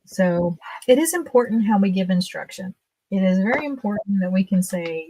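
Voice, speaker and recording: A woman's voice: medium pitch, animated, normal speed, dark tone, a little hiss or hum. A woman in her fifties, a guest on a livestream, telling casual stories in a chatty way and laughing often. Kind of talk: casual storytelling.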